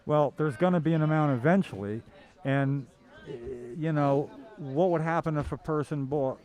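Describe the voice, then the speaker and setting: A man's voice: fairly high pitch, moderate pace, darkish tone. A man hosting a podcast, rambling casually and chuckling as he talks. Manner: rambling, chuckling, restarts often. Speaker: podcast host. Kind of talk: casual chat.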